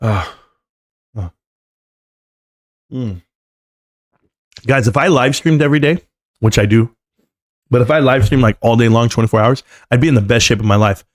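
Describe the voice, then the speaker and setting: A man hosts a live stream while standing at his desk, joking, rambling, and calling everyone "bro." His voice is medium-pitched, his pace moderate, with long pauses.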